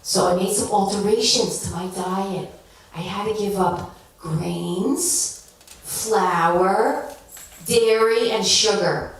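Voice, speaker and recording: A woman doing stand-up comedy, telling stories in a crude, animated, self-mocking way. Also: medium pitch, slow pace. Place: stage in a live venue. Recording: roomy stage sound from far off.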